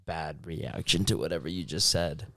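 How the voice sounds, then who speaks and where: A man's voice: extremely low pitch, normal speed, fairly bright tone, no echo, studio quality. A young man co-hosting a podcast, talking in a thoughtful, laid-back way with many likes. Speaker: podcast co-host. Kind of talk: casual reflective chat.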